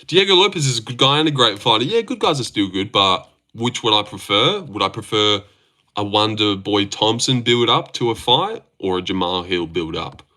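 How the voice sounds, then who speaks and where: Young man, livestream host, casual chat, swears and jokes, fairly low voice, bright forceful tone. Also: animated, normal speed. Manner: sweary, joking, laughs often.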